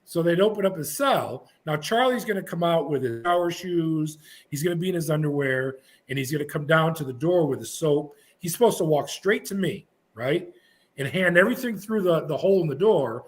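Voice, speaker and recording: A man's voice: on the high side, animated, brisk. A middle-aged man, a former prison officer, telling vivid, blunt stories as a podcast guest. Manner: vivid, blunt anecdotes with frequent restarts. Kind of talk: animated storytelling.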